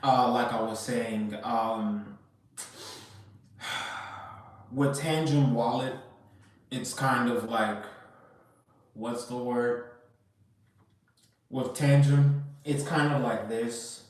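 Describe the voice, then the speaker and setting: Speaking very slowly with frequent pauses and fairly even intonation, the crypto commentator has a mid-range voice picked up from a distance in an echoey room. His casual rant is emphatic, full of swearing, repetitive and rambling.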